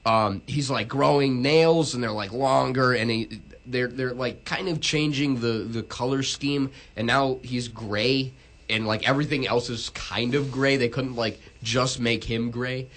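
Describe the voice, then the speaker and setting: A man's voice: mid-range voice, steady tone, measured pace, fairly bright tone. A young man co-hosting a casual podcast, recapping a movie in a rambling, profane way with lots of fillers. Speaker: podcast co-host.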